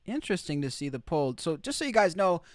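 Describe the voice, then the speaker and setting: A man's voice: a little high, big pitch swings, quick pace, dry recording, clean studio sound. A man hosting opinionated live commentary from outside the United States, emphatic and repeating his key phrases. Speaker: commentary streamer.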